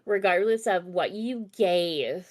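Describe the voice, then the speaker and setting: A woman's voice: lowish voice, slow, a little mellow. Fired-up woman from Minnesota, casual sports podcast co-host, swears freely.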